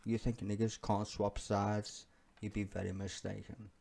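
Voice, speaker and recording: A man's voice: on the low side, level tone, unhurried, creaky, a little mellow. Profane, heated man ranting about politics. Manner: laughs often while talking. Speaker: political commentary vlogger. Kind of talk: ranting reaction commentary.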